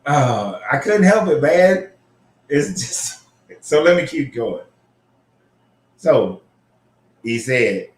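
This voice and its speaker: A man hosting a casual commentary show, reading scripture aloud and reacting in an animated, profane way. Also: medium pitch, drawn-out words, pauses often, roomy sound. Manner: animated, profane, frequently laughing. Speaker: host.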